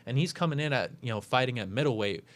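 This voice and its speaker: A man's voice: medium pitch, expressive, fast talker. A man hosting a casual talk show, breaking down upcoming fights with lots of fillers and self-corrections. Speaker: podcast host making fight picks.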